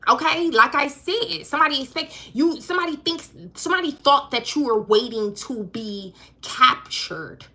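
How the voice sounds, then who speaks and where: A woman's voice: sits high, moderate pace, few pauses, bright, forceful tone. A woman giving a live-streamed spiritual reading, talking in an emphatic, profane, conversational way. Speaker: intuitive card reader.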